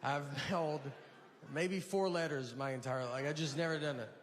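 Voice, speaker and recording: A man performing a stand-up routine, telling rambling stories in a halting, deadpan way. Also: fairly high pitch. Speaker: stand-up comedian. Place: large venue with a live audience. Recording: live stage mic in a reverberant hall with audience noise. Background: audience laughter.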